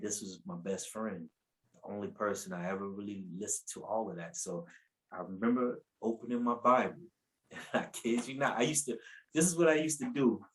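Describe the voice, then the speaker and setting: A man's voice: fairly low pitch, poor audio. A man sharing his personal faith testimony on a podcast. He talks casually and colloquially, often repeats words, and livens up his story by acting out what people said. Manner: animated, acts out quotes with raised voice. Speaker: podcast guest.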